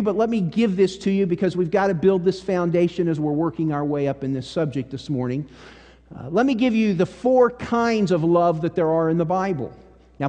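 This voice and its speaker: A folksy pastor delivers a sermon in a church sanctuary, his male voice sitting high. He tells stories in a homespun way and drops to a hush for the serious parts, with the reverb of the church hall around him.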